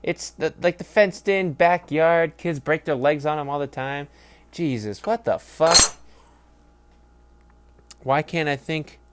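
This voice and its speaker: A young man hosting a solo football review, talking casually with heavy swearing, rambling and mocking, swinging between loud outbursts and low mutters. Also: a little slow, a little hiss or hum. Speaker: sports podcast host.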